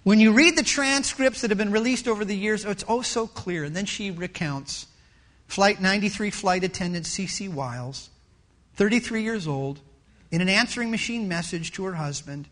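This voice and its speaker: A middle-aged male pastor preaching a sermon, telling stories and acting out voices in an animated way. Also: sits high, normal speed. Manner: animated storytelling with acted-out voices.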